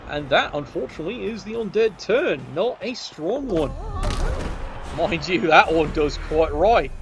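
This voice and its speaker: A man's voice: fairly high pitch, expressive, measured pace. A man giving cheeky, sardonic commentary on a tabletop game match.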